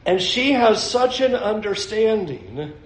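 A man's voice: sits high, sing-song, slow. A male pastor preaching a sermon in a conversational way, talking straight to the congregation with casual fillers. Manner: conversational, addresses the congregation directly; uses many fillers and hedging phrases. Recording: echoey room.

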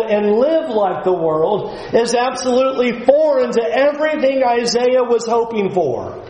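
A man preaching a sermon, earnest and emphatic, at times dropping to a low, quiet voice. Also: reverberant, rough recording.

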